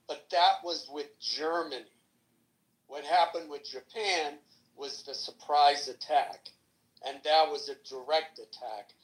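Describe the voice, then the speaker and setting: A man in a casual political discussion, speaking in a halting, corrective way. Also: fairly high pitch, fairly even intonation, rough recording.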